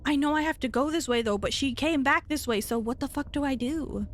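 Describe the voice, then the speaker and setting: A woman's voice: high-pitched, fairly quick. A woman streamer giving horror game commentary, thinking aloud, swearing, with startled shrieks and laughs.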